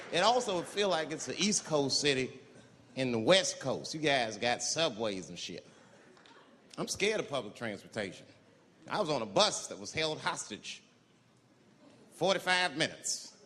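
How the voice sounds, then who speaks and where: A man telling a stand-up story, animated and jumping into high shrieking voices for the people in it. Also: normal speed. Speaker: stand-up comedian. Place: large hall with live audience. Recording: live hall recording with crowd. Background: audience laughter and crowd noise.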